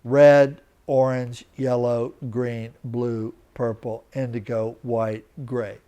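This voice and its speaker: A man's voice: mid-range voice, flat delivery, mellow, smooth. A man teaching a live lecture, explaining step by step and often checking that his students understand. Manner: slow, deliberate, checks in with students. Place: teaching center room.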